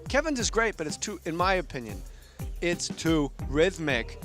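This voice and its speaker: A man guesting on a radio interview, explaining and demonstrating how he does impressions in a measured way. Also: on the high side, big pitch swings, a bit bright, faint music behind.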